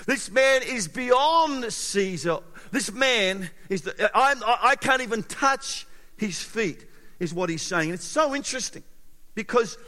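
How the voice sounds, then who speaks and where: A male pastor preaching a sermon in an animated way, with sudden loud emphasis and quiet, close passages. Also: sits high. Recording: long hall reverb.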